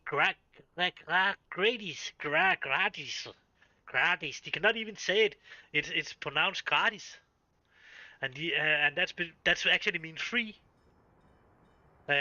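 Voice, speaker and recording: A man's voice: fairly high pitch, pushed and bright, no echo, lo-fi sound. A male game streamer with a Danish accent, a native Danish speaker chatting casually on a live stream, swearing freely and often stopping to restart his sentences.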